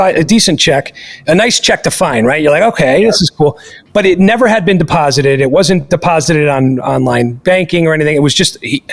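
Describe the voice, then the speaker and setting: A man hosting a podcast, telling a story in an animated, emphatic way and swearing freely. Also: on the high side. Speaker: podcast host.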